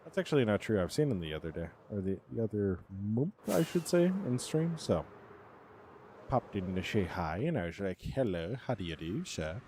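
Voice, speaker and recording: A man's voice: fairly low pitch, sing-song, moderate pace, noisy background. A man streaming a block-building game, chatting casually with dry, self-mocking sarcasm. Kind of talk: casual live gameplay commentary.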